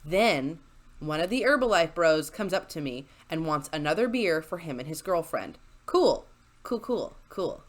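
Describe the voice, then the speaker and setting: A woman's voice: low voice, animated, normal speed. A woman narrating a story into a desk microphone, chatty and sarcastic, with frequent laughs between lines. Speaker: YouTuber reading stories. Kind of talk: storytelling with asides. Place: home desk with squeaky chair.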